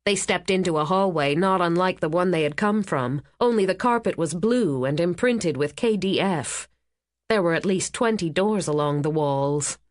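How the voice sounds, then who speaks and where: A woman narrating a thriller audiobook in an even, steady storytelling manner. Her voice sits fairly low, and the close studio recording is completely dry. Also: normal speed, no room sound.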